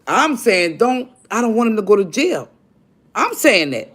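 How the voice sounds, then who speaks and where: A woman's voice: medium pitch, very animated, measured pace. An older woman hosting a livestream, telling a personal story bluntly and with heavy profanity while speaking straight to her viewers. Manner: blunt, profane, addresses viewers directly as y'all. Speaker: livestream host. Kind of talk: confessional storytelling to a live audience.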